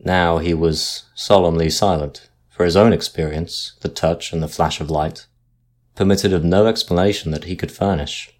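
A man reading a sea story aloud as narrator, in a measured, steady manner. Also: deep voice.

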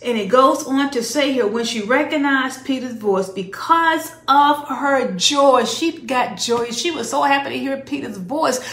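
Woman preacher, high voice, call-and-response delivery, roomy echo. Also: a little slow, few pauses, fairly bright tone. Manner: call-and-response questions, emphatic declarations. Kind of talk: sermon.

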